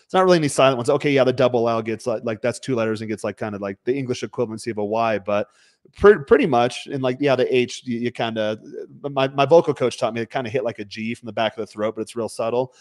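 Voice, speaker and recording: A man in easy livestream conversation, blunt and emphatic, who lets a swear word slip now and then. His voice sits at an ordinary middle pitch. The sound is dry and close, with no room echo. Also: fast talker, darkish tone. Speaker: podcast host. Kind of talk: casual livestream chat. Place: home.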